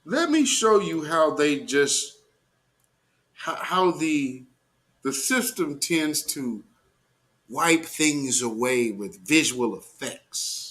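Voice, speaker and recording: A man's voice: fairly high pitch, lively intonation, slow pace, fairly bright tone. A man hosting a live commentary show, talking casually with slang, exclamations and mocking asides to his audience.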